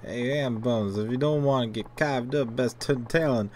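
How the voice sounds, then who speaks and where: A man's voice: mid-range voice, moderate pace, darkish tone, lightly acted. A man voicing a sneering young street thug in a video game, snarling and mocking, over faint background noise.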